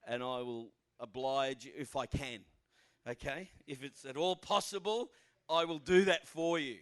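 An Australian man in his fifties preaches at a church as a guest pastor. He talks in a chatty, self-deprecating way, with plenty of fillers and asides, in a mid-pitched voice. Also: a little slow, fairly bright tone. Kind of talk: informal sermon.

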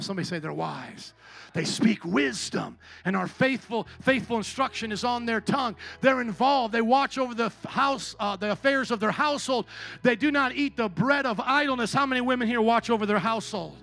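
A male pastor delivers a sermon at a church service. His voice sits high and rings bright, dropping into quiet storytelling and then rising to shouted calls to the congregation. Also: normal speed, creaky. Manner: preaching with big swings between quiet storytelling and shouting.

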